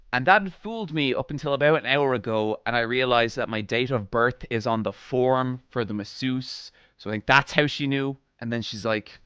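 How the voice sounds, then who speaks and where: A man streaming live, telling a funny story to his chat in a casual, animated way, laughing and quoting others. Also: medium pitch, normal speed, smooth, dry recording, highs cut off. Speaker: streamer host.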